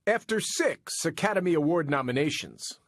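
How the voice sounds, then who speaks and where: A male TV news correspondent narrating a profile piece in a polished, slightly wry manner. His fairly high voice moves with lively intonation. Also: normal speed, dry recording, clean studio sound. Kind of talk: scripted narration and interview.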